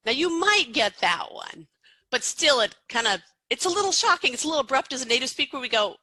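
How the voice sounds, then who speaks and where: A middle-aged American accent coach talking through her ideas in a loose, chatty podcast answer, circling back with fillers and restarts. Her voice is bright and forward, and the recording sounds dry and close. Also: mid-range voice, lively intonation, a little fast, no echo, low-quality recording.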